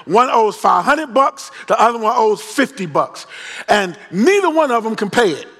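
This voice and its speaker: A man's voice: sits high, very animated, moderate pace, a bit bright, exaggerated voice. A man voicing a laid-back male teacher who talks in casual, streetwise slang. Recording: long reverb of a large hall.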